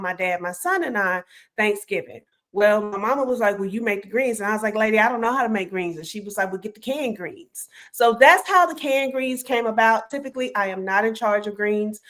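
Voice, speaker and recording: A woman co-hosting a casual chat, telling a family story in an animated, playful way. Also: mid-range voice.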